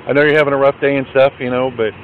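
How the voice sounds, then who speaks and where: A male police officer questioning and calming an upset woman, brisk and reassuring, recorded outdoors on his body camera. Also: mid-range voice. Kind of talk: calm on-duty questioning. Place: outdoors by a fast-food restaurant. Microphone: body camera worn by him. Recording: tinny body-cam audio, street noise.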